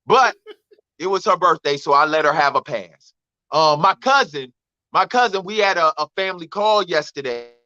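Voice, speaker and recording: A man telling a comic story on a radio talk show, animated and emphatic, repeating his denials. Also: high-pitched, no echo, dull audio. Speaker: comedian guest. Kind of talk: storytelling stand-up chat.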